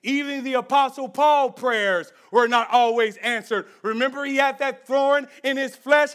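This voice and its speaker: Casting: a pastor with an unusually high voice, conversational preaching in a church. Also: male voice, measured pace, hardly any pauses. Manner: conversational preaching, swings between loud emphasis and hushed intensity. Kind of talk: sermon.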